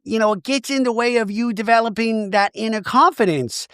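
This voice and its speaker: A concerned woman gently lecturing a friend as a man mimics her, her voice raised high and soft. Her words sound patient and sympathetic. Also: fairly quick, clear, resonant tone, dry recording, studio quality.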